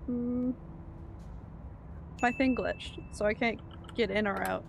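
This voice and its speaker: A woman's voice: fairly high pitch, steady tone, slow, gravelly, background noise. A woman streaming a video game, chatting casually, laughing often and answering her chat. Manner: chatty, giggly, reads chat aloud.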